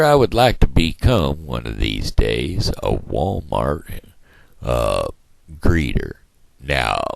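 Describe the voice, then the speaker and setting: A man's voice: rumbling low, gravelly, dry recording. A man talking in a casual, rambling monologue for his daily video blog, folksy and chatty.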